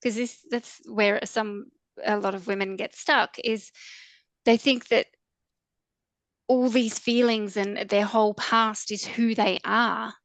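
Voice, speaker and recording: A woman coach speaking as a podcast guest. She explains things in a calm, soothing, reassuring way, in a mid-range voice. The recording is dry and close. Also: mid-range voice, slow pace, dry recording. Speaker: trauma coach.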